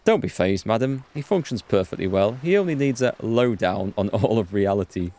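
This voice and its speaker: Composed male lieutenant, formal, courteous, matter-of-fact, read by a man, lowish voice. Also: animated, normal speed, dark tone. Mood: dry.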